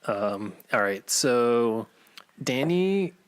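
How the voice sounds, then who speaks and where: Dude co-hosting a podcast in his basement, slow drawl, rambly, dry close sound. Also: mid-range voice, very animated, clean tone, no echo. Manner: rambling, laughs often, restarts phrases. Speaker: podcast co-host. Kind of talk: casual chat. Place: home basement.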